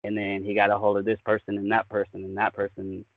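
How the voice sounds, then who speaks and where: A man's voice: on the low side, completely flat delivery, quick pace, no room sound. A man, a voice actor guest, chatting casually and enthusiastically, often saying "man" and "dude". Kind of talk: casual podcast chat. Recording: tinny phone-like line, dry.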